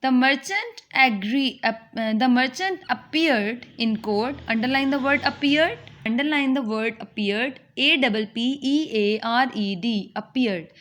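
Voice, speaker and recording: A woman's voice: high-pitched, a little slow, few pauses, a bit bright. A woman teaching a reading lesson, spelling words out letter by letter and explaining their meanings. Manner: mixes in Urdu tag questions. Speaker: English teacher.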